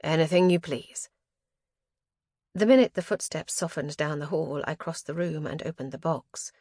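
A woman reading a first-person fantasy novel aloud, expressive and dramatic, with tense rises at moments of action. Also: deep voice, brisk, husky, dry recording, studio quality. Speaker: audiobook narrator.

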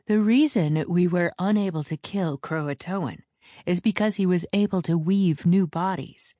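A woman's voice: on the low side, a little slow, dark tone, no room sound, studio quality, lightly acted. A woman voicing a stern, commanding female elder witch who speaks in clipped, authoritative lines in an audiobook.

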